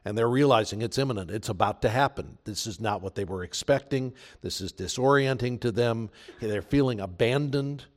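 A man's voice: medium pitch, normal speed. Male pastor, mid-range voice, emphatic earnest sermon delivery. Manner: earnest, emphatic preaching with repeated phrases.

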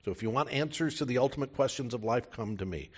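A man's voice: mid-range voice, quick pace, husky. A man preaching a sermon as a pastor, speaking in a conversational way, addressing listeners directly with rhetorical questions.

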